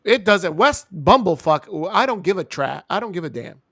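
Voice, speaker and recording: High-voiced guy ranting and mocking ppl on a wrestling show, swings all over the place. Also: big pitch swings, fairly quick, gravelly, a bit bright, no room sound, clean studio sound. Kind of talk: ranting casual chat.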